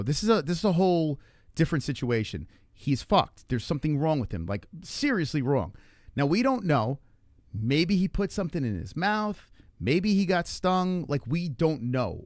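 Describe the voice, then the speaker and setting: A man's voice: a little high, dry recording, clean studio sound. Profane man telling a story. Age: adult parent. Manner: animated, profane, acts out quotes. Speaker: livestream host. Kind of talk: casual storytelling. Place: Arizona.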